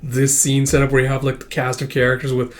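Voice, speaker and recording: A man's voice: medium pitch, monotone, fast. A man casually reading a manga chapter aloud and commenting on it, rambling with laughs and sweary asides. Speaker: manga reviewer.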